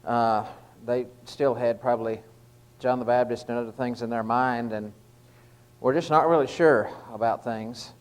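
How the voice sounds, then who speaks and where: A man's voice: mid-range voice, fairly even intonation, unhurried, rough recording. A man giving an informal evening devotional talk, conversational and stopping often with fillers and restarts. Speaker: lay preacher giving a short devotional.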